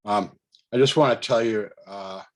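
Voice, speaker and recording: Guy with a lowish voice just telling a story, lots of ums and restarts, little laughs. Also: moderate pace. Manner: rambling, with many fillers and restarts; chuckles between thoughts. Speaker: storyteller recounting a personal experience. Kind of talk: casual spoken storytelling.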